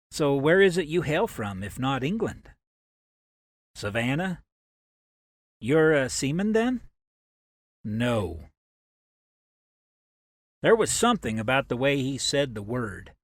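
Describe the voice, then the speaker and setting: A man narrating an audiobook romance in a steady, even storytelling manner. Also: mid-range voice, breathy edge, dry recording.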